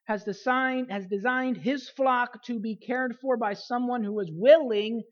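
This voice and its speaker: A woman pastor preaching a sermon, repeating key phrases for emphasis and letting her voice fall softly at the end of phrases. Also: on the high side, measured pace, dull audio.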